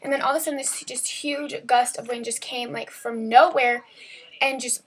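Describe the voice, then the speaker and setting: A woman's voice: high-pitched, steady tone, normal speed, a bit bright, slight background noise. A teenage girl vlogging, telling a story in a rambling, chatty way full of "like" and "um", recorded at home on a camera mic. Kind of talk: casual storytelling vlog.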